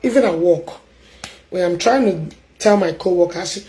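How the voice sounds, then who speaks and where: A Nigerian woman with an Igbo accent chatting loudly and emphatically as a stream host, mixing English and Igbo. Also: medium pitch, animated, moderate pace, low-quality recording. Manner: loud, emphatic talker.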